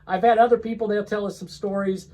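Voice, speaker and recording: A man's voice: high voice, steady tone, quick pace, warm tone, low-quality recording. A man co-hosting a casual vlog chat, telling work stories with lots of ums and restarts. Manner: rambling, many fillers and restarts. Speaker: co-host.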